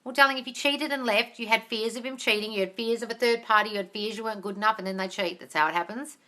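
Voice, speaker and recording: A manifestation coach hosts a live Q&A stream, blunt and brisk, swearing freely and sounding exasperated. Her voice is fairly high, with a steady, sharp tone.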